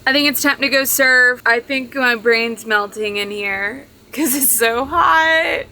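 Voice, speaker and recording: A woman's voice: on the high side, unhurried, pushed and bright. A woman vlogger chatting casually to camera in a rambling, joking way while camping out of her truck.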